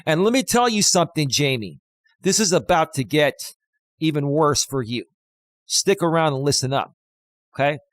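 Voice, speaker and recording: Hosting a livestream, this man rants confrontationally, needling his target and saying things again for emphasis. His slightly high voice is expressive and moves at a normal pace, recorded dry.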